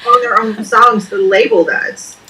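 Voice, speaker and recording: A woman's voice: fairly high pitch, fairly even intonation, unhurried, pushed and bright, recorded from a distance. A woman co-hosting a book club livestream over a video call, talkative and joking. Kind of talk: casual chat.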